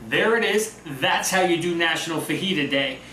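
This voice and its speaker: A chatty, upbeat man talks his way through a home cooking demo, his voice bright and a little high. He sounds roomy and echoey, standing back from the mic in his kitchen, with food sizzling faintly on the grill. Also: normal speed, distant mic, a little hiss or hum.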